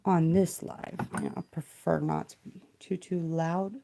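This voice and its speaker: A woman on a live stream speaking quietly and rambling through questions, trailing off as she reads and thinks aloud into a close mic. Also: deep voice, steady tone, measured pace, gravelly, a little hiss or hum. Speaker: livestream tarot reader. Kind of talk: soft-spoken livestream musing. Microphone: close mic, kept quiet for live stream.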